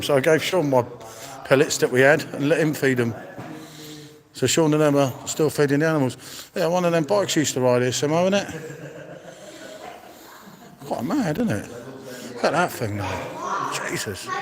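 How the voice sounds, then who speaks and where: Chatty man on a live walk-around. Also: on the high side. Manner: chatty, marvelling, addresses viewers in chat by name. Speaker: vlogger streaming live. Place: indoor museum with old exhibits. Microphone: handheld phone while walking.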